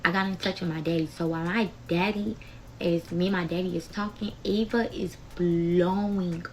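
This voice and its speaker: A woman's voice: fairly low pitch, steady tone, normal speed, a little hiss or hum, low-quality recording. A young adult woman telling a heated story to her viewers in a casual, emotional vlog style, talking straight to them as y'all. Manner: chatty, addresses viewers as y'all. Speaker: storytime vlogger.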